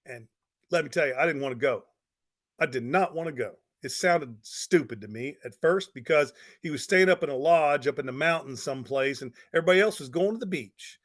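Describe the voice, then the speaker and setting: A man, a pastor, giving a motivational talk with energetic storytelling and repeated phrases for emphasis. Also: a little high, fast. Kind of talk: motivational talk to network marketers.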